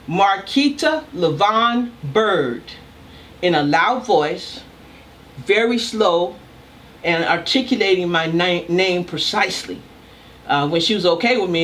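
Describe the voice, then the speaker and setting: Older lady professor giving a lecture, loud talker, leans hard on her words. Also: on the low side, a little hiss or hum. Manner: loud talker, emphatic and deliberate. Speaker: communication professor. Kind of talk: recorded lecture.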